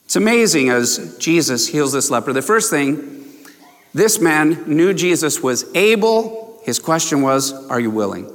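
A man's voice: fairly high pitch, very animated, a little slow. A man preaching a sermon, stressing and repeating key phrases and putting questions to his congregation. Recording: long hall reverb.

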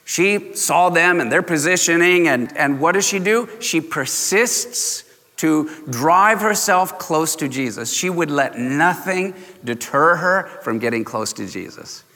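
A man's voice: fairly high pitch, animated, pushed and bright. Emphatic preacher man in an echoing hall. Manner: emphatic, slows down to stress key words, chuckles often. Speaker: pastor. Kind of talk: sermon. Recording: long church reverb.

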